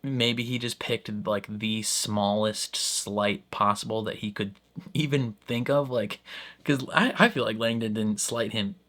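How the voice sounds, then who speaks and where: A young man hosting a reaction video, thinking out loud in casual commentary, full of "like" and "I don't know", often breaking into a laugh. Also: on the low side, steady tone, measured pace.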